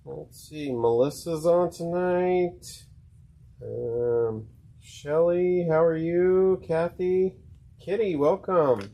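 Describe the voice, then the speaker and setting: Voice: mid-range voice, very slow, dark tone. A co-host of a live sewing show, reading out viewer names from the chat and greeting each one casually.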